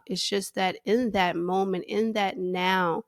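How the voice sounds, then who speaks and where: A woman hosting a faith podcast, speaking candidly and emotionally about her struggles, close to tears, with restarts and soft laughs. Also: mid-range voice, fairly even intonation, slow pace, dry recording. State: near tears. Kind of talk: personal reflective monologue.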